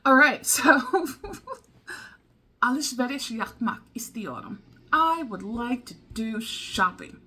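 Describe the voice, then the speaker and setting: A woman talking slowly and casually to camera, puzzling over new words out loud. She repeats phrases to herself and wanders into side chatter, with small laughs along the way. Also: fairly high pitch, animated, breathy edge. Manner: thinks aloud, repeats foreign phrases and muses to herself; chatty, easily sidetracked, with little laughs. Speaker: language-learning vlogger. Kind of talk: casual study vlog.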